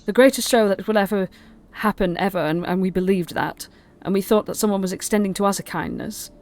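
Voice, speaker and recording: A woman's voice: medium pitch, darkish tone, close to an everyday voice. A woman voicing a remorseful young woman who stammers through earnest apologies. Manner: stammering, halting.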